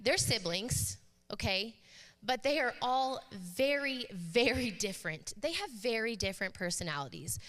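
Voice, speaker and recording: A woman's voice: a little high, moderate pace. Joking woman pastor in a reverberant church. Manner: chatty, joking, animated storytelling. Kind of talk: sermon with personal stories. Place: church sanctuary. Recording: live church hall reverb.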